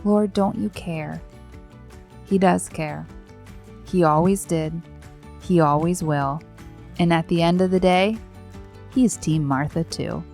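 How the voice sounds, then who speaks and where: Soft music plays beneath a middle-aged woman giving a devotional talk on her podcast. Her lowish, darkish voice is slow and pauses often, and she speaks earnestly and reflectively, using rhetorical questions and repeated phrases.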